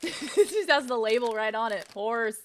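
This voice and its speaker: A woman's voice: fairly high pitch, expressive, normal speed. Young woman streamer, chatty and sweary, munching snacks on stream. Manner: chatty, swearing, laughing, talking while eating. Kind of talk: casual unboxing stream chat.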